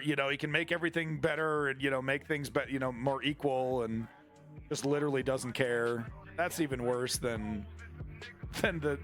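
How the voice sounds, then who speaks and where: A man's voice: medium pitch, a bit bright. A man commenting on news during a livestream, talking in a crude, irreverent and mocking way.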